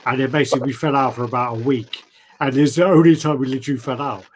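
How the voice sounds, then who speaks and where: A man talking casually as co-host of a hobby chat show. He swears often and lets his sentences trail off into fillers. His voice sits at an ordinary middle pitch. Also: steady tone, fast, breathy edge.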